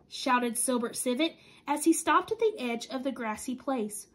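A woman reading a children's story aloud in an expressive, sing-song, deliberate way. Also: high-pitched. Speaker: storybook reader.

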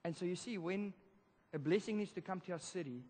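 A man preaching a sermon, telling a story in a lively, casual way with slang. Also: high-pitched, a little fast. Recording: reverberant church hall.

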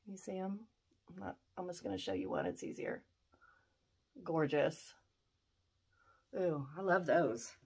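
A woman's voice: lowish voice, expressive, unhurried, pauses often, a little mellow, slightly rough. A middle-aged woman opening fan mail, gushing and exclaiming over each gift. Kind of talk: excited unboxing chat.

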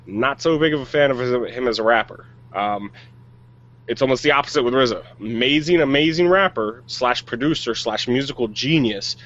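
A man's voice: mid-range voice, fairly quick, a bit bright, highs cut off. A man co-hosting a podcast, chatting casually and giving blunt, jokey opinions on movies. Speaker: podcast co-host. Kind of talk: casual chat.

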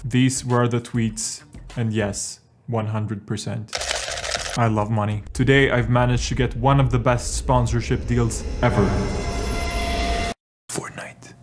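A young man, vlogging in a dry, deadpan comedic way. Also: medium pitch, noisy background. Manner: deadpan, dry absurd humor. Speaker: YouTuber. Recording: music playing underneath.

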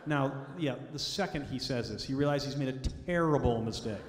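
Speaking briskly with hardly any pauses, a middle-aged man with a mid-range voice shares family anecdotes with an audience as an author, performing the voices of the people he quotes. The setting is a school auditorium, with the long reverb of an echoey hall.

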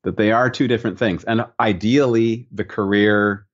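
A man from the United States speaks as a podcast guest, slow to reflect and easy in his storytelling. His voice sits a little low. The recording sounds muffled and lo-fi. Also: fairly even intonation. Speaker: guest painter. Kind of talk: relaxed podcast conversation.

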